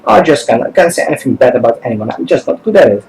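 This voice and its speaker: A man's voice: medium pitch, sing-song, fast talker, vocal fry, a little mellow, a little hiss or hum, poor audio. A man voicing a meek, timid young woman nanny in a game, reading her lines with an apologetic manner. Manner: meek and apologetic, then mock-scolding. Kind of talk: reading game dialogue aloud.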